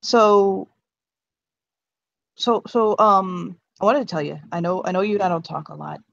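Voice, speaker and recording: A man's voice: sits high, fairly even intonation, vocal fry, a bit bright, full character voice. An earnest middle-aged dad, voiced by a woman, stumbling over his words as he tries to open up to his son. He restarts his sentences again and again, tender and a little awkward. The recording sounds slightly muffled and lo-fi. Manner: halting, stammering, heartfelt.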